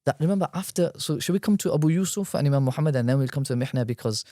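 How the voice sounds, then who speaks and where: A man, a guest scholar, explaining at length in a podcast discussion, quick and animated, weaving in Arabic terms. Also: on the high side, no echo, clean studio sound.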